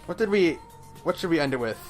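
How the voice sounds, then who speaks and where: A man's voice: fairly high pitch, lively intonation, quick pace, faint music behind. Rambling man podcaster, lots of fillers. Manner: rambling, filler-heavy, swears casually. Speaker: podcast co-host. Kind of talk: casual chat.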